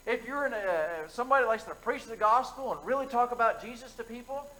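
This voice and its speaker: A man's voice: very high voice, animated, fairly quick, sharp tone, low-quality recording. A man preaching an evening sermon in a church, telling folksy stories with asides to the congregation. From United States. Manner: conversational storytelling, folksy asides. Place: church sanctuary.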